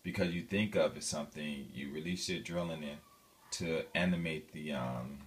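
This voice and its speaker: A man speaks in a very deep, low register as he tells a personal story to his viewers. He rambles and restarts, filling pauses with "um" and "you know". His delivery is casual and animated. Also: far from the mic, a little hiss or hum. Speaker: vlogger telling a personal story.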